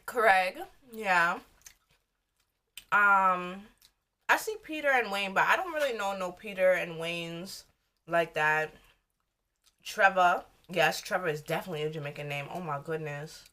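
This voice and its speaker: In a fairly low, sharp-toned voice, a young American vlogger talks unhurriedly while she eats for her mukbang. Her chat is casual and rambling, loose and candid.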